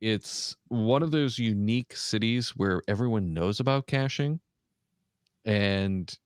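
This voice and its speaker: A man co-hosting a casual podcast chat, reading through a list with frequent pauses and fillers. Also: fairly low pitch, clear, resonant tone, no room sound, clean studio sound. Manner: halting, many "uh" fillers while reading out a list. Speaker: podcast co-host.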